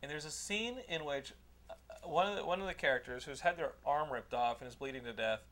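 A man hosting a podcast, telling a movie story in a loud, profane way and often laughing. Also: a little high, brisk. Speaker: podcast host. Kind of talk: casual chat, movie review.

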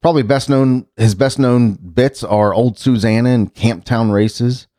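A man's voice: mid-range voice, measured pace, warm tone, dry recording, clean studio sound. A man hosting a casual rundown of the day's birthdays and holidays, rambling and correcting himself as he goes. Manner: chatty, rambling, self-correcting. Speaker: podcast host.

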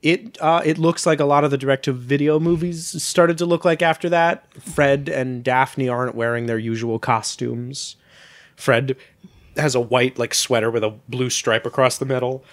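A man's voice: medium pitch, fairly even intonation, moderate pace, dry recording. A man co-hosting a casual podcast, playfully teasing and swearing freely as he rattles off trivia. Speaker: podcast co-host. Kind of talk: casual chat.

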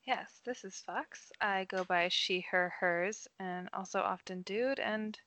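A woman's voice: mid-range voice, unhurried, pushed and bright, a little hiss or hum. Giggly young woman on community radio. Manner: giggly, rambling, uses like and um. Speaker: associate producer. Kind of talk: casual radio chat. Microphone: studio microphone.

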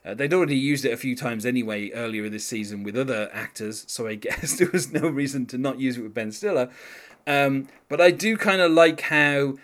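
A man's voice: mid-range voice, a little fast, fairly bright tone. A man chatting casually on a podcast, wandering through his points with plenty of ums and self-corrections. He laughs lightly now and then as he talks, in a mid-range voice. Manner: rambling, many fillers and restarts; laughs while talking. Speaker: podcast co-host. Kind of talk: casual chat.

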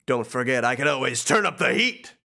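A man voicing a smug, fast-talking male god of the underworld, with sarcastic patter. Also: mid-range voice, lively intonation, creaky, sharp tone. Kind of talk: podcast impression of a game villain.

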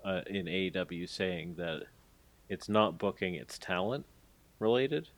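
A man's voice: low-pitched, animated, a little slow. A man co-hosting a podcast, recapping a story in a rambling, hedging way with lots of fillers. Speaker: podcast co-host. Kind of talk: casual podcast chat.

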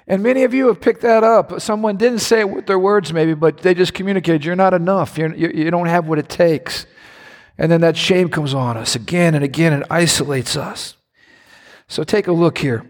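A pastor preaching a sermon to his congregation, impassioned, his voice climbing higher when he is stirred. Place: large church hall. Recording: reverberant church hall.

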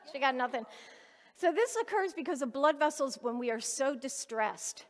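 A woman's voice: high voice, animated, moderate pace, long reverb tail. A woman giving a sermon, telling a personal story in an earnest, conversational way before turning to scripture. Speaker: lay preacher.

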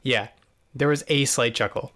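A man talks through a TV episode in a loose, chatty podcast recap. His humor is dry and sarcastic, and he leans on fillers as he goes. His voice sits at an ordinary middle pitch. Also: normal speed, a bit bright. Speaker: podcast co-host.

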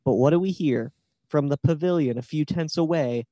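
Man, podcast co-host, slightly high voice, mellow tone, dry close sound, rambling storyteller. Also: moderate pace, no echo, muffled recording. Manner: chatty storyteller with long build-ups. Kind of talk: casual chat.

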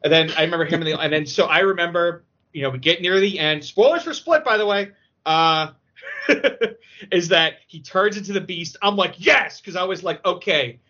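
A man chatting on a podcast, an emotional, excitable storyteller who talks with many fillers. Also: a little high, fairly quick. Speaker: podcast guest. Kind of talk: casual podcast chat. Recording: dull lo-fi audio.

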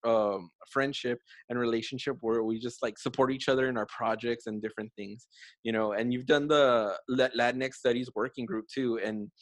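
A man's voice: mid-range voice, fairly even intonation, normal speed, no room sound. A young man hosting a casual conversation, chatty with many fillers and frequent laughter.

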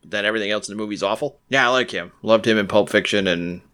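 A man's voice: on the low side, bright, forceful tone, clean tone. A man with a Massachusetts accent co-hosting a podcast, joking wryly and laughing easily in casual chat. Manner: wry joking, quick to laugh. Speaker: podcast co-host.

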